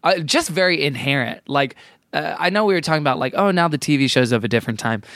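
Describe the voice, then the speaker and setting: A man's voice: fairly high pitch, lively intonation, fast, fairly bright tone, no room sound, clean studio sound. A man co-hosting a podcast, chatting casually, reading listener emails and laughing often. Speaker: podcast co-host.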